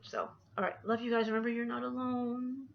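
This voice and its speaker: A woman's voice: on the high side, steady tone, fairly quick, creaky, muffled recording. A woman anxiety coach talking casually to camera in a personal vlog, rambling as she talks herself through her feelings.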